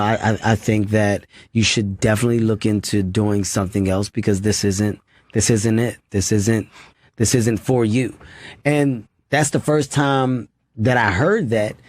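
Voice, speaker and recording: A man's voice: medium pitch, no room sound. A comedian guest, a man, telling candid stories in a studio interview, earnest and repeating phrases as he goes. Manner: earnest, repeats phrases, acts out others' voices.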